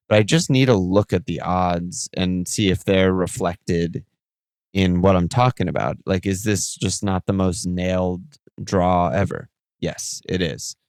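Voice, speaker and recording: A man hosting a podcast alone, talking in an excitable, rambling way and swearing often. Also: on the low side, dry recording. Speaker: podcast host. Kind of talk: solo casual podcast talk.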